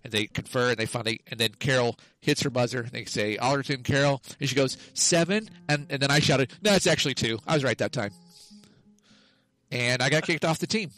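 A man at an ordinary middle pitch spins a long, rambling anecdote on a casual podcast. He stumbles, restarts and corrects himself, chuckling at his own slips. Faint music plays softly behind him. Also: steady tone, fairly quick, dry recording, rough recording. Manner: rambling, self-correcting, loses the thread and laughs at himself. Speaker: podcast co-host. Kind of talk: casual comedic storytelling.

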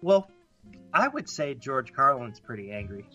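Musing man with a bright voice. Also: medium pitch, big pitch swings, faint music behind. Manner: musing, hesitant, halting restarts. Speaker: podcast co-host. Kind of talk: casual comedy chat.

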